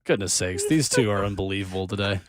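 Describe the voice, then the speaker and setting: A man's voice: deep voice, animated, fast, very noisy. A man hosting a sports radio show, taking calls and leading into breaks. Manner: upbeat, handles calls and breaks. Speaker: radio host.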